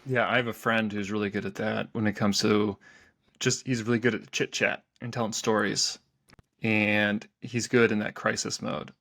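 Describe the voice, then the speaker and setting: A man co-hosting a podcast, telling workplace stories in a relaxed, chatty way. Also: fairly low pitch, moderate pace, creaky. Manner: chatty storyteller, playful quoted voices. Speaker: podcast co-host. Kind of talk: casual chat.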